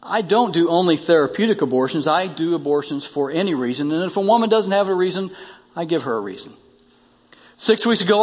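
A man's voice: sits high, in a large hall. A male pastor delivering a sermon, reading a story aloud and rising in emphasis on key lines.

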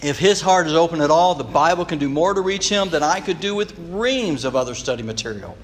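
Male preacher with lively pitch. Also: a little fast. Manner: storytelling, reading quotes aloud. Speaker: pastor. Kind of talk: sermon retelling a story. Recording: long reverb of a large hall.

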